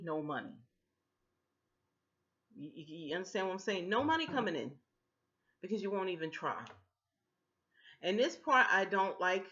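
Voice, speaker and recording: Emphatic woman pitching on a webcam. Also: a bit bright. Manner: emphatic and repetitive, speaks straight to viewers. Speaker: vlogger pitching a home business. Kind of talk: casual persuasive talk to camera. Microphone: built-in webcam mic. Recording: dull lo-fi webcam audio.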